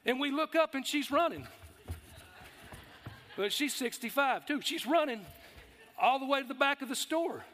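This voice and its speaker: A man's voice: extremely high pitch, expressive, normal speed, pauses often, bright, forceful tone. A man with a Texas accent preaching a sermon in a folksy, storytelling way to a church congregation. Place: church sanctuary. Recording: long reverb of a large hall.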